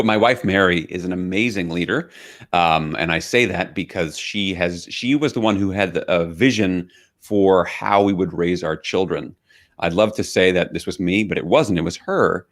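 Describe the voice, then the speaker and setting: Casting: middle-aged male author guest, lowish voice, reflective anecdotal storyteller. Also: normal speed. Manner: reflective storytelling with quoted dialogue. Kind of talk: interview conversation.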